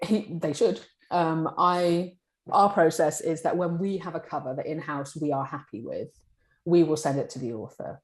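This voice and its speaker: A woman in a publishing role, answering interview questions in a chatty, animated way. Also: sits low, moderate pace. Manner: chatty, animated, acts out colleagues' lines. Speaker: publishing director. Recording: echoey room.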